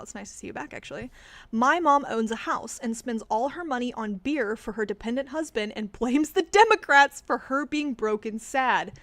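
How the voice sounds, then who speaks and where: High-voiced profane woman streamer. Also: sharp tone. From Texas. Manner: profane, sarcastic, quick to laugh. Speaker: livestreamer. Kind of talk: casual livestream chat. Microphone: desk microphone.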